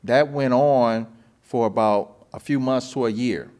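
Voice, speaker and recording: A man in his forties, hosting a podcast and telling his story in a casual, animated way, acting out phone calls with voices and swearing. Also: mid-range voice, unhurried.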